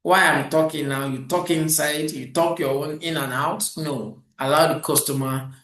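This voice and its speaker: A man's voice: a little high, moderate pace, roomy sound, low-quality recording. A middle-aged man giving a customer service training lecture, telling stories and acting out quoted exchanges. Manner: animated storytelling, acts out quoted exchanges.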